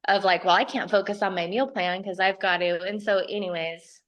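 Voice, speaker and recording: A woman's voice: mid-range voice, a little fast, fairly bright tone. Candid woman sharing on a video call. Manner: candid, laughs often between sentences. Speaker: group call participant. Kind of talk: casual personal sharing.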